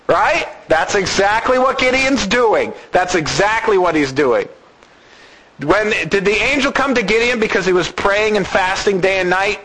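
A man preaching a sermon in an animated way, acting out the voices of the people he talks about. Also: high-pitched, normal speed, poor audio.

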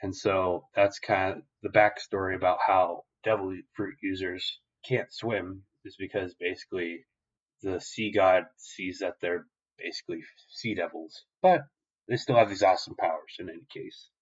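A young male podcast host retells a story in a loose, rambling way and swears often. His voice sits fairly low, and the recording is dull and lo-fi. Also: moderate pace, husky. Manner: rambling, profane, animated retelling. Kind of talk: casual episode recap.

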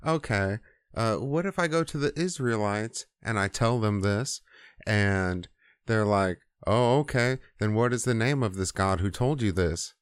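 A man's voice: fairly low pitch, measured pace, clean tone, no echo, studio quality, close to an everyday voice. A man voicing a reluctant shepherd who stammers out nervous excuses.

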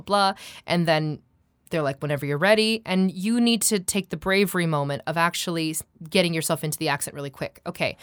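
A woman working as a coach, explaining her methods in a chatty, animated way with lots of fillers and restarts. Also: sits low, smooth, no room sound. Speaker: accent and dialect coach. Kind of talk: conversational interview.

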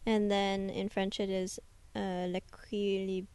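A young woman co-hosting a casual podcast chat. She hedges with lots of fillers and laughs easily. Her voice sits at an ordinary pitch and the sound is dry and close. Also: flat delivery, takes it slowly, darkish tone, clear, resonant tone, dry recording. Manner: giggly, hesitant, many fillers. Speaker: podcast co-host.

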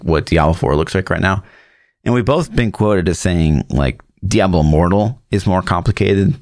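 A deep-voiced man co-hosts a casual gaming podcast, rambling bluntly with lots of fillers and profanity. The recording is dry and of studio quality.

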